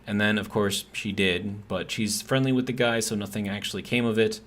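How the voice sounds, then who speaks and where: Fairly even in intonation, this streamer's lowish, slightly bright voice runs a little fast. He rants casually during gameplay, rambling through a lengthy, exasperated tale from work with many fillers.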